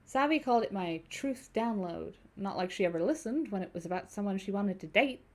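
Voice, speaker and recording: A woman's voice: mid-range voice, animated, brisk, darkish tone. A young adult woman streaming a story game, reading narration aloud and chatting casually with viewers, cursing freely. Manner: casual, swears freely, chats with viewers between passages.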